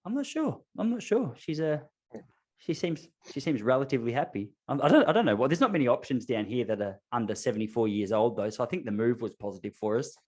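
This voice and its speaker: Aussie male podcast host, quick rambling anecdotes, self-deprecating. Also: mid-range voice, big pitch swings, darkish tone. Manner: rambling anecdotal storytelling with self-mocking humor. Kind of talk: casual chat.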